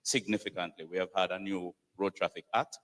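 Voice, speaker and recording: Panelist man, lowish voice, halting and filler-heavy, long hall reverb. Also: monotone, a bit bright, distant mic. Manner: hesitant, many fillers and repeats. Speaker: police commissioner. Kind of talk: answering a question on a panel. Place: conference hall.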